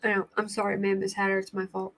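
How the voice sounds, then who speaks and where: A woman's voice: mid-range voice, monotone, quick pace, a bit bright. A young adult woman hosting a true crime livestream, chatting casually in a rambling, flustered way and laughing easily.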